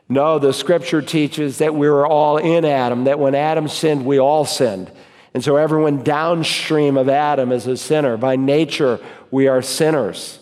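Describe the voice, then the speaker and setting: A man, a pastor, preaching an emphatic sermon and reading scripture slowly and deliberately. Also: on the high side, fairly even intonation, darkish tone. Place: church sanctuary. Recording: long reverb of a church hall.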